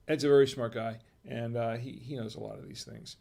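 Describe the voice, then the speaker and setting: Host, male, gravelly voice, rambling live-stream tasting chat, pokes fun at himself. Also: mid-range voice, a little mellow. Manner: rambling and halting, with self-deprecating humor.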